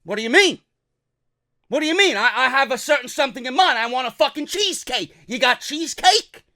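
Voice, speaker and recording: A man's voice: extremely high pitch, lively intonation, brisk, bright, forceful tone, pitched above the performer's own voice, heavily acted. A man imitating a pushy, demanding family man who curses and insists.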